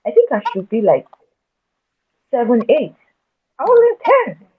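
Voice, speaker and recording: A woman guest telling her own story in a conversation, halting and earnest, often restarting and repeating words. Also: a little high, wildly swooping pitch, slightly rough. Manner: earnest and emotional when recounting her past. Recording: tinny phone-like audio.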